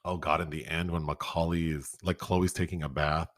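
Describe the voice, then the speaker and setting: Deep-voiced guy on a podcast, animated, acts out movie quotes, dry close sound. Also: moderate pace, no echo. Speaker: podcast co-host. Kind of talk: casual film review chat.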